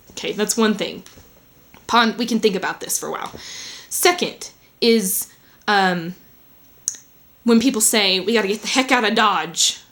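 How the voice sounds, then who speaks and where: A woman rambles chattily to the camera in a home vlog. She drifts between thoughts and peppers her speech with fillers and asides. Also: medium pitch. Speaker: vlogger.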